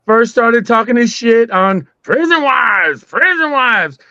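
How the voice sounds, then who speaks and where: A man co-hosting a casual chat, animated and playful, swearing freely. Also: very high voice, slow pace, no room sound, dull audio. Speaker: co-host.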